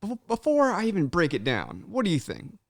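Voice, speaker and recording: A young man hosts a casual podcast, his fairly high voice swinging all over the place as he talks. He swears freely and tags "man" onto his sentences. The sound is dry, with no room around it. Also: a little fast, gravelly, no echo. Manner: animated, swears freely, says "man" a lot. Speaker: podcast host. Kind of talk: casual chat.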